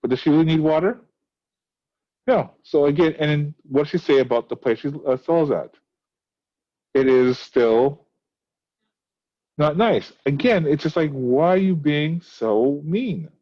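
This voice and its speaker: Male teacher, recorded lesson, rhetorical questions, slightly high voice, muffled lo-fi audio. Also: animated, measured pace, long pauses, warm tone. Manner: explains with many rhetorical questions. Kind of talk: recorded class lesson on a play.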